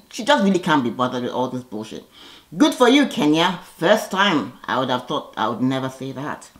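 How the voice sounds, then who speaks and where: Lady with a lowish voice doing a casual reality tv recap, sassy and blunt, pretty animated.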